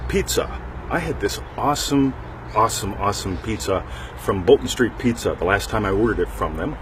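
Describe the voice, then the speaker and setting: A middle-aged man with a fairly low voice rambles through a casual talk show, joking and checking in with his listeners. Faint street noise and passing traffic sit in the background. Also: a little fast. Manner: rambling, joking, with frequent "right?" asides. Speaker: podcast host.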